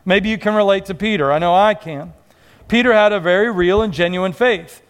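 A man's voice: high-pitched, brisk. A male pastor preaching a sermon in a conversational way, acting out quoted voices.

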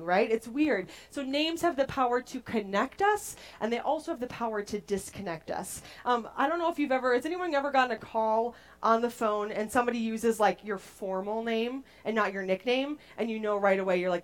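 A young adult woman preaching a casual, playful sermon to a group, chatty and animated as she tells stories. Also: on the high side, a little fast.

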